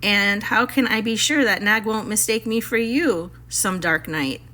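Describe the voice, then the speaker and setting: A woman voicing a timid, weepy male muskrat in a storybook read-aloud, with a high, whimpering, pleading voice. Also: a little slow, sharp tone. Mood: fearful pleading.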